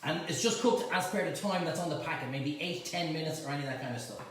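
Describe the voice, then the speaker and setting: Talking fast in a fairly bright, slightly high voice, a middle-aged Irish man hosts a live cooking demonstration from his home kitchen, full of chatty, teasing banter. Sound bounces heavily around the room and reaches a distant mic amid faint background noise.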